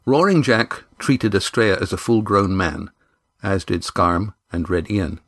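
A man reading an adventure novel aloud in a measured, even storytelling manner on a close studio mic. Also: lowish voice, no echo. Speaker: audiobook narrator. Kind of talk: scripted narration of an adventure novel.

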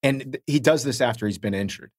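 A man co-hosting a podcast, chatting casually about a TV episode and breaking into quick impressions. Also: mid-range voice. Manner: animated, jumps into quick impressions and laughs. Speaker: podcast co-host. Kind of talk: casual rewatch podcast chat.

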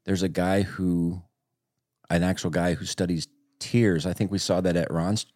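Deep-voiced playful middle-aged dad. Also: male voice, steady tone, unhurried, darkish tone, dry recording, clean studio sound. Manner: playful, fond, rambling. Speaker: father, co-host. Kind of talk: casual family chat.

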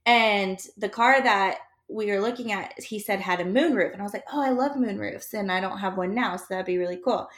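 Animated woman telling a story. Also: mid-range voice, fairly quick, few pauses. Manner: animated, acts out quoted dialogue, laughs between lines. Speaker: storyteller in a group chat. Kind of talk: casual storytelling.

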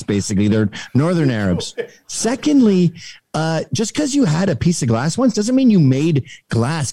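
A man's voice: on the high side, dark tone, no echo. A man in casual chat, animatedly telling a story and acting out both sides of an argument.

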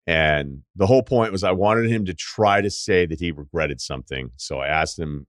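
A man's voice: low-pitched, lively intonation, normal speed, dry recording, clean studio sound. A man hosting a podcast, telling a rambling, profane anecdote in a casual storytelling way. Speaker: podcast host.

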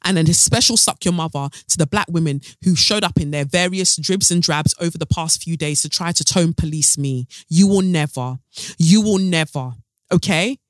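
A woman's voice: deep voice, fairly quick, few pauses, dry recording, studio quality. Fiery, blunt woman podcaster. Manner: blunt, fiery, swearing freely. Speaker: podcast host. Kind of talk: solo podcast monologue.

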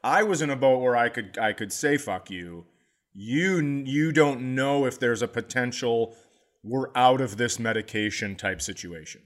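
A man's voice: mid-range voice, expressive, measured pace. A man co-hosting a casual podcast, joking and acting out phone calls and movie quotes, with casual swearing. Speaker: podcast co-host, comedian. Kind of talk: casual chat.

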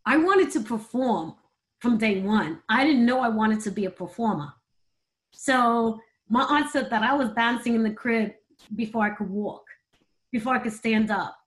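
A woman's voice: a little high, moderate pace, rough recording. Middle-aged woman guest, candid and heartfelt, chatty storytelling. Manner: emotional, heartfelt, conversational. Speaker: guest, performer.

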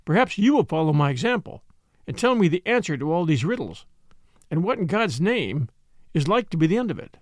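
A man's voice: fairly high pitch, very animated, fairly quick, no echo, clean studio sound. A man reading a gloomy, bewildered young soldier in an audiobook, subdued in tone.

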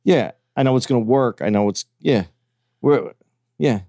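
A man co-hosting a podcast, chatting casually in a halting way with many restarts and stammers. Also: medium pitch, warm tone, no room sound, clean studio sound. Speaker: podcast co-host. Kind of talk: casual chat.

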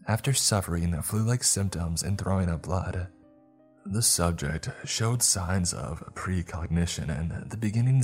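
A man voicing a cold, menacing young man who questions a captive in a slow low drawl. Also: a little mellow.

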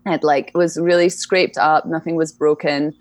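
A woman's voice: low voice, fairly even intonation, normal speed, dry recording. A young woman talking casually as an interview guest, chatty and laughing often, with many fillers. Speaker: guest, EFT practitioner.

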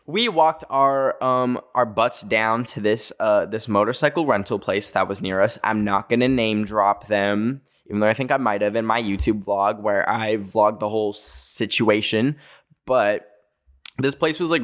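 A man's voice: fairly low pitch, moderate pace, a bit bright. Chatty young man telling a story. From North America. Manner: chatty, full of "like" fillers, jumpy self-corrections. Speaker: vlogger. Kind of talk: casual storytelling.

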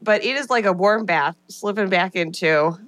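American lady podcast host, playful and animated, trips over words a bit. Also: medium pitch, moderate pace. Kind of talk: casual podcast chat and reading a listener review aloud.

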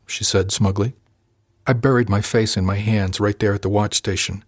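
A man reading a first-person story aloud in a measured, wry narrating manner, close to the mic. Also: lowish voice, breathy edge, no echo. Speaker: audiobook narrator.

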